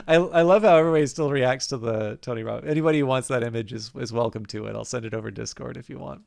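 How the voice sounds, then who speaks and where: Man, Canadian accent, casual gaming chat, rambling, gravelly. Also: medium pitch, fast, few pauses, a little mellow, dry recording, studio quality. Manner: rambling, many ums and restarts, laughs often. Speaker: streamer. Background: game music.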